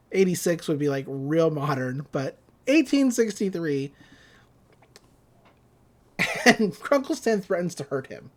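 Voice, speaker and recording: A podcast host recapping a cartoon episode in loose, casual chat. The delivery rambles with fillers and quick character impressions, at a middling pitch and an everyday pace. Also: expressive. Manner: rambling, amused, lots of fillers and quoted voices.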